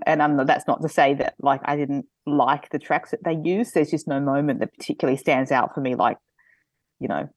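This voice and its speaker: Low-voiced hesitant woman. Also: no room sound. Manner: hesitant, hedging, lots of fillers. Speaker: podcast panelist. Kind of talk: casual chat.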